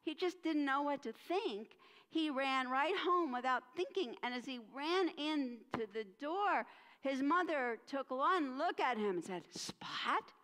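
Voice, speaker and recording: Woman pastor telling a story, super animated, slow, echoey church. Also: high voice. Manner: expressive, dramatic storyteller. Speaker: minister. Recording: long church hall reverb.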